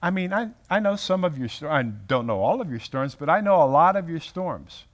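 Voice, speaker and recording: A man teaching a Bible study to a group in a room, animated and often breaking off his sentences to restart them. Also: fairly high pitch, normal speed. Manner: animated, self-interrupting, acts out quotes.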